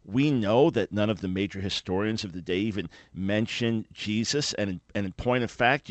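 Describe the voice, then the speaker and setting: A man with a light New York accent hosting a radio talk show, questioning his guest in an animated, emphatic way. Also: fairly low pitch, normal speed, few pauses, dry recording. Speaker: radio host.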